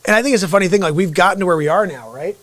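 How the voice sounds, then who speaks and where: A middle-aged man hosting an unscripted live stream monologue, energetic, with sudden loud outbursts and low, quiet asides. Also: rapid-fire.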